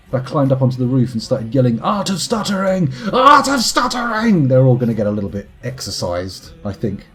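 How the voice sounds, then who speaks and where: A man with a mellow, mid-range voice streams a game late at night. He chats with his viewers in a rambling, wry, self-mocking way during the casual live stream.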